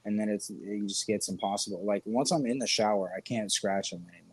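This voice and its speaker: A man's voice: on the low side, fast, slightly rough. A man co-hosting a podcast, talking in a rambling, profane, joking way and laughing often. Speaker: podcast co-host. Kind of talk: crude casual chat.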